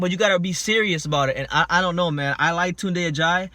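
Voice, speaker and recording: A man hosting a casual boxing talk show, emphatic and building up to loud points. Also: high-pitched, fast talker, no echo. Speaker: boxing channel host. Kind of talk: casual podcast chat.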